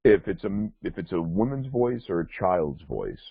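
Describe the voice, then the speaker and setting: A man hosts a casual podcast, telling a meandering story with plenty of restarts and asides. His voice sits on the low side with a husky edge. The sound is dry and squeezed thin, as if it came over a phone line. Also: very animated, moderate pace, dry recording. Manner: rambling storyteller with many restarts and fillers. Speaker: podcast host. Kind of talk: casual chat.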